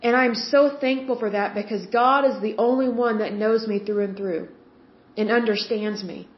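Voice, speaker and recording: Woman doing a faith podcast, earnest chatty talk, kinda high voice, roomy dull sound. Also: fairly even intonation, normal speed. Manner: earnest, conversational, with frequent restarts. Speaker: podcast host. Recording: roomy, slightly dull home recording.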